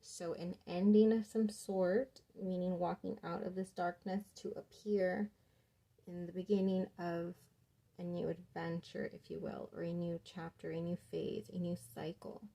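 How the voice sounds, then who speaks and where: A young woman giving a casual tarot reading, talking softly and rambling with many fillers. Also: on the low side, flat delivery, unhurried, gravelly. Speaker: tarot reader.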